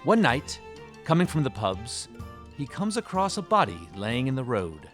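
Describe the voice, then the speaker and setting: Comic narrator, male, mid pitch, lively delivery, faint music behind. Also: normal speed.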